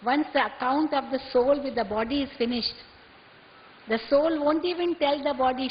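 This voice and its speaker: A woman giving a measured spiritual talk and posing rhetorical questions to her listeners. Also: high voice. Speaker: spiritual teacher. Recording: muffled recording in a reverberant hall with faint hiss.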